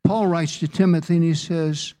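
A man preaching a sermon as pastor, slow and deliberate, lifting his voice for emphasis. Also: fairly high pitch, fairly even intonation, mellow.

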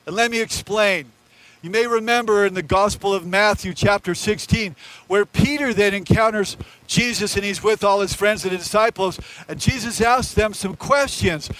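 A male pastor delivers a sermon with a very high voice for a man. He preaches in an earnest, conversational way and addresses his listeners directly. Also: moderate pace, a bit bright, poor audio.

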